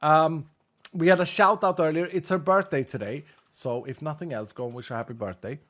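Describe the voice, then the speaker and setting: Guy streaming a game, kinda high voice, tired and jokey, rambling to chat. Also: fairly even intonation, fairly quick, a bit bright. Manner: chatty, jokey, thinks aloud while playing. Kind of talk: casual gaming livestream chat.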